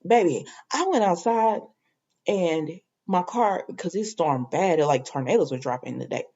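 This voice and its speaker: A woman hosting a casual soap opera recap, chatty and animated, laughing as she retells scenes in quoted dialogue. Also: fairly low pitch, normal speed, lo-fi sound.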